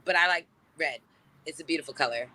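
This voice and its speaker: A woman in her thirties, a guest telling stories in a casual, profane way and acting out quoted lines in loud, high voices. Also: fast, no echo. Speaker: celebrity guest. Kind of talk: casual storytelling chat.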